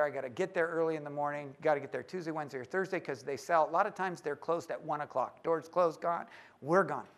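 A pastor telling a humorous story to a live audience, acting out both sides of the conversations. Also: male voice, sits high. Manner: animated storyteller, acts out both sides of a phone call.

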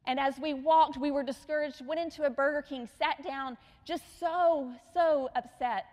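A middle-aged woman preaching a sermon, telling stories with acted quotes and sometimes dropping to a hushed tone. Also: high voice, steady tone, normal speed. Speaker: missionary speaker. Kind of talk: sermon storytelling. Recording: long hall reverb.

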